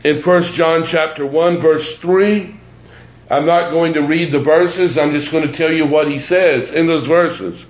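Emphatic preacher in an echoey church. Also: male voice, fairly high pitch, steady tone, lo-fi sound. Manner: deliberate, emphatic preaching with repeated phrases. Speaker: pastor. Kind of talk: sermon. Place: church sanctuary.

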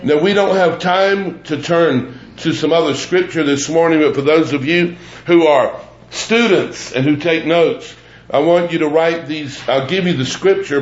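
A man preaching a sermon as pastor, deliberate and emphatic, repeating phrases for weight. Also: a little high, roomy sound, lo-fi sound. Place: church sanctuary.

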